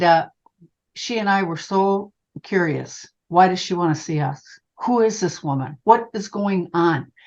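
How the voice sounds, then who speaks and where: An older woman, a psychic medium, telling a personal story in an interview and calling the listener honey. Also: lowish voice. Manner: animated, calls the listener honey. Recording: dull lo-fi sound.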